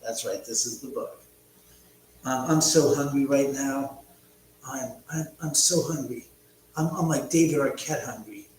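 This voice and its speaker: A man's voice: mid-range voice, a little slow, darkish tone. A man hosting a live stream from home, casually rambling, joking and reading chat aloud. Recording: echoey room with faint hum.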